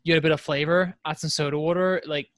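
A man's voice: fairly high pitch, steady tone, quick pace, fairly bright tone, no echo, clean studio sound. A man co-hosting a casual podcast chat, rambling and correcting himself, laughing often.

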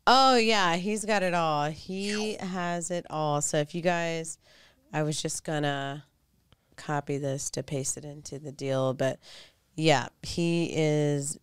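A woman co-hosting a live news commentary show, talking in casual chat with animated, incredulous remarks. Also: low voice, slow pace, smooth.

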